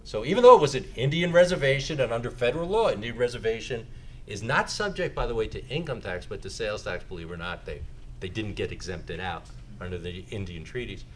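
A man lecturing to a live audience, his pitch swinging widely as he drops in joking asides. A faint hum of room ambience sits under his voice. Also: lively intonation, quick pace, a bit bright. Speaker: lecturer on sales tax.

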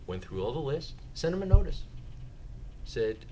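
A man's voice: lowish voice, big pitch swings, normal speed, slight background noise. A man giving a lecture and taking audience questions, making joking asides as he explains. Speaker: lecturer on sales tax.

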